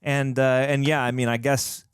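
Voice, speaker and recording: A man's voice: medium pitch, level tone, moderate pace, smooth, no room sound, clean studio sound. A man hosting a casual movie reaction chat, enthusiastic and rambling, with frequent restarts. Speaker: host.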